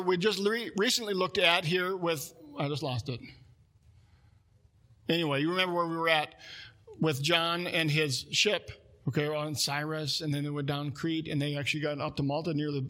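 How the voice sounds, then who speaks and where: Bright high-voiced man preaching. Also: breathy edge. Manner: conversational, asides to the congregation, frequent restarts. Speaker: pastor. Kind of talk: sermon.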